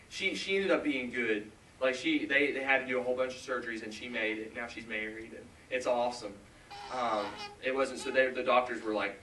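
A man's voice: medium pitch, bright, forceful tone, distant mic, a little hiss or hum. Earnest young man preaching in an echoey hall. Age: 20s. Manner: earnest, halting, with many restarts and asides. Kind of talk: sermon with personal story. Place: large church hall.

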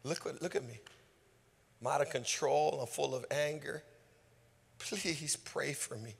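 A man voicing a remorseful young man who begs for prayer in a hushed, half-whispered voice. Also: a little high, measured pace, gravelly, slightly rough, exaggerated voice. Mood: hushed pleading. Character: remorseful young man confessing, broken and pleading.

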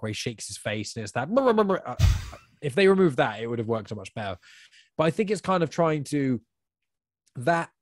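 A man talking through his views in a casual podcast chat, opinionated and sure of himself. His mid-pitched voice comes in fast spurts. The recording is dry and close, with no room sound. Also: dry recording. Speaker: podcast guest.

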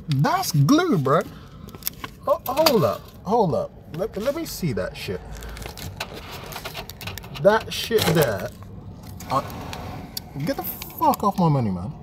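A man with an English accent rants at a cash machine outdoors, swinging wildly between high squeaks of disbelief and low mutters. He talks slowly and draws out his swearing. Traffic and street noise sit clearly behind his phone recording. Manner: swearing, incredulous, laughing in disbelief. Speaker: vlogger. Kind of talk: exasperated vlog rant.

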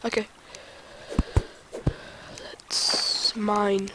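A young adult gamer giving let's play commentary, excitable and talking to themself while playing. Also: mid-range voice, very slow, heavy background noise. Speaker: gaming video creator.

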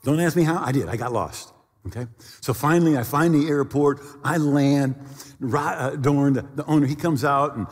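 A man's voice: fairly high pitch, normal speed, breathy edge. A middle-aged man preaching a sermon, telling a personal story with sound effects and acted quotes. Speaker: pastor. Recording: long hall reverb.

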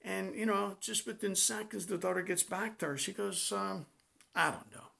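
Guy hosting a comedy show, high gravelly voice, punchy joke telling, bit of music under it. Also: normal speed. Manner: animated, punchy joke delivery.

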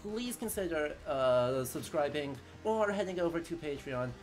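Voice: mid-range voice, animated, a little slow, soft background music. Upbeat, chatty stream co-host. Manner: chatty, upbeat, plugs the channel, recaps the story. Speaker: co-host of a history gaming stream. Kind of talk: casual live-stream chat.

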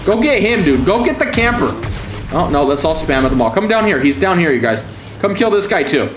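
A man's voice: big pitch swings, brisk, reverberant, over music. Sarcastic, profane man streaming a game. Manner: sarcastic, taunting, mock-scared high calls. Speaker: gaming streamer. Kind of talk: profane gameplay commentary.

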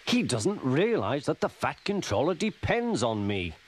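A man's voice: a little high, very animated, slight background noise, voice pushed up. A man doing a bossy little tank engine. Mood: cross. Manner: bossy, brisk, scolding. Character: impatient cheeky little tank engine, male. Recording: loud music underneath.

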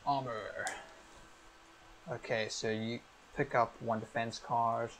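A man's voice: mid-range voice, level tone, a bit bright, rough recording. Man explaining game rules step by step. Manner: explains each rule step by step, brisk and upbeat. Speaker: game master. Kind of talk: explaining a tabletop game on a live stream.

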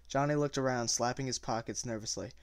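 A man reading a novel aloud, at an everyday middle pitch. He trips over words and goes back to fix them. The sound is dry and close, with no room behind it. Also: brisk, dry recording. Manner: stumbling and self-correcting. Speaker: reader.

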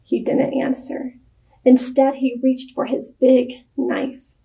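A woman reads a children's story aloud in a clear, expressive storytelling voice. Her voice sits high, and she takes an unhurried, deliberate pace. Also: low-quality recording.

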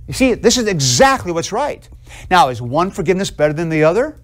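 A man teaching theology in a classroom lecture, animated and conversational, asking students questions and acting out little scenes. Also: high-pitched, brisk. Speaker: theology professor.

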